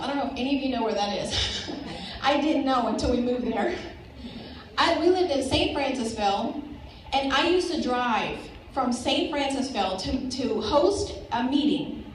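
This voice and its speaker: A woman's voice: high-pitched, slight background noise. A woman, giving an emphatic motivational speech to a crowd at a sales event. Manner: rallying, emphatic, addresses crowd directly. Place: large event hall. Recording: echoey hall recorded from far off.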